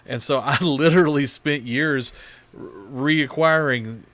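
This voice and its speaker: A man's voice: medium pitch, slow, a bit bright, dry recording. A middle-aged man with an East Tennessee accent, co-hosting a casual chat and telling stories. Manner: storytelling, restarts often. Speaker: podcast co-host.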